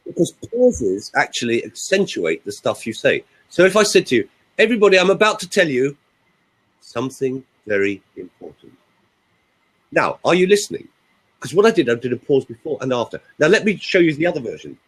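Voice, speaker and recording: Animated, husky male voice coach. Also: mid-range voice, rough recording. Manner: emphatic, animated, demonstrating pauses. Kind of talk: coaching talk on a group call.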